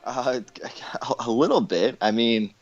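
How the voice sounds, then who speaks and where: A man's voice: medium pitch, expressive, unhurried, dull audio, faint music behind. A man from Canada, co-hosting a podcast in laid-back, rambling casual chat. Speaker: podcast co-host.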